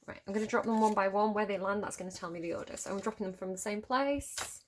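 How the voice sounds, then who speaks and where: A woman's voice: medium pitch, quick pace, slight background noise. A woman in her thirties giving a casual tarot reading, chatty and laughing often, restarting her phrases. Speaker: tarot reader.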